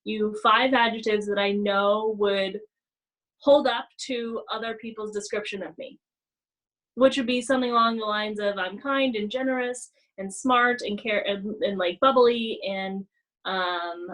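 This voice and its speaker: A woman co-hosting a casual chat, talking in an animated way with many "like" fillers and acting out gasping apologies. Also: medium pitch, a little slow, low-quality recording. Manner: frequent "like" fillers. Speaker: podcast co-host.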